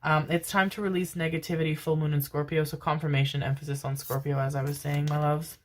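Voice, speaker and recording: A woman's voice: low voice, flat delivery, fast, a little hiss or hum. A woman giving a pick-a-card tarot reading, affectionate and rambling, with casual swearing. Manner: affectionate, calls listeners "my loves", casual swearing; rambling, many fillers and restarts. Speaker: tarot reader.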